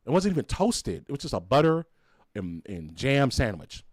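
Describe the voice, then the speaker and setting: A man co-hosting a podcast tells rambling stories in a loose, profane way, at a middle pitch. The sound is dry and close to the mic. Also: normal speed, no echo. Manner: animated storyteller who acts out voices, swears freely. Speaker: podcast co-host. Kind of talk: casual chat, storytelling.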